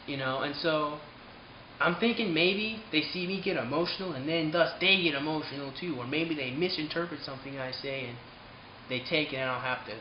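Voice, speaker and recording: A man talking straight to his viewers in a casual vlog rant, swinging between heated outbursts and quiet asides and swearing freely. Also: fairly high pitch, a little fast, roomy sound, lo-fi sound, slight background noise. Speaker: channel host.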